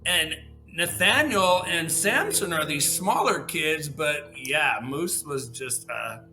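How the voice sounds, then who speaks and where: A host in a casual interview chat, talking in a chatty, hesitant way full of restarts. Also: female voice, low-pitched, lively intonation, slow, pushed and bright, soft background music, low-quality recording.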